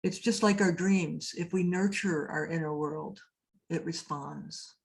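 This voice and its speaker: At a cathedral speaker event, a priest who teaches about labyrinths delivers a story-filled lecture, frequently turning to question her listeners. She speaks a little slowly in a low, creaky voice.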